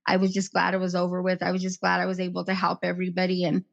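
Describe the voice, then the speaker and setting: A woman's voice: lowish voice, completely flat delivery, racing, creaky, lo-fi sound. A woman in her fifties, an interview guest, recalling a painful past in a rambling way that jumps from one memory to the next. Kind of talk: emotional personal recollection.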